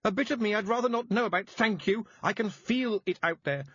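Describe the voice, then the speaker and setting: A man voicing a stubborn young witch girl who answers back indignantly and shouts in defiance. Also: high-pitched, brisk, breathy edge, no echo, muffled recording, pitched above the performer's own voice, heavily acted. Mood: defiant.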